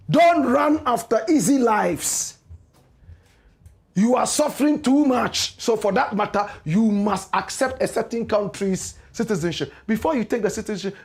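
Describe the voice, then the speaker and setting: A man with a Ghanaian English accent hosting a political commentary show, speaking with impassioned, preachy rhetoric and repeated refrains. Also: high-pitched. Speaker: radio and online show host.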